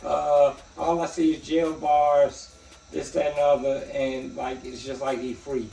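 A man co-hosting a podcast in casual chat, loud and laughing through crude banter. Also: a little high, flat delivery, a little slow, gravelly. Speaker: podcast co-host. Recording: echoey room from far off.

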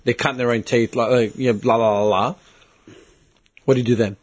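A man's voice: medium pitch, fairly even intonation, brisk. A man, ranting bluntly and swearing in a casual chat as host.

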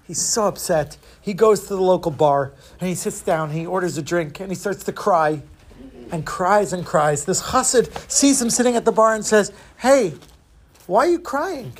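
A man telling religious teaching stories with animated, dramatic delivery. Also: high-pitched, normal speed, slight background noise. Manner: animated storytelling, lively dramatic shifts. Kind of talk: storytelling sermon.

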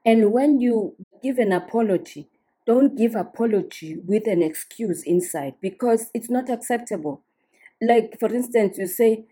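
A woman talks straight to her listeners in a casual podcast monologue, earnest and instructive. Her voice is very dark and mellow, with a husky, breathy edge. She keeps checking that the listener is following. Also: a little high, a little slow. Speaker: podcast host.

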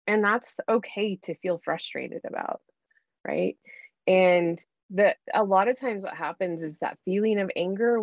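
A woman's voice: on the low side, no echo, lo-fi sound. A woman giving earnest, coaching advice in a conversational talk, often acting out what to say to yourself.

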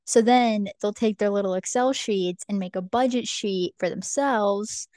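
A woman's voice: mid-range voice, unhurried, darkish tone, no room sound. A young woman in her twenties casually explaining something on a podcast in a breezy way. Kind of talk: casual chat.

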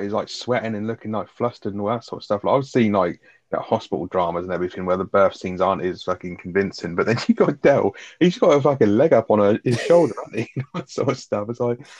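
A man's voice: on the low side, darkish tone, no echo, lo-fi sound. A man co-hosting a casual chat about a sitcom episode, rambling with plenty of fillers and swearing. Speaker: podcast co-host.

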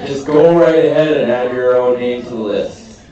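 A man making sarcastic comic asides in a deadpan, drawn-out way. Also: medium pitch. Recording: muffled echoey distant recording.

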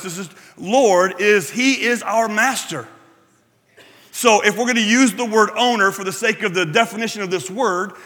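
In a sermon that feels more like a conversation, a male pastor speaks in a bright, high voice, regularly checking with listeners by asking "right?" and poking fun at himself along the way. A long hall reverb makes his words ring out.

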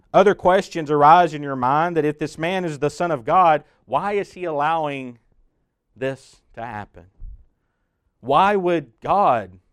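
A man preaching a dramatic sermon that walks the listener through the scene as "you", swelling loud and then dropping to a hush. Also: mid-range voice, clear, resonant tone, dry recording, clean studio sound. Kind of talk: dramatic guided sermon narration.

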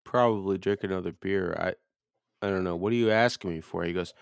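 Man, low and dry, casual podcast storyteller, acts out friends' lines. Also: steady tone, brisk, vocal fry, smooth, no room sound. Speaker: podcast co-host telling a story.

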